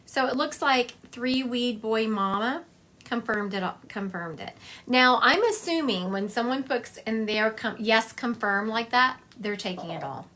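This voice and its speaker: A woman's voice: a little high, a little slow, pushed and bright. A woman giving a psychic medium reading on a live stream, talking in a chatty, confiding way and thinking aloud as she goes.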